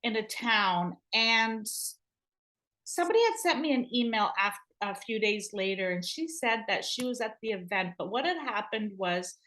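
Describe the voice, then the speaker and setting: A middle-aged woman medium telling stories in a casual, animated way, acting out what people said. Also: mid-range voice, normal speed. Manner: animated, acts out dialogue in quotes. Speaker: spiritual medium. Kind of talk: conversational storytelling.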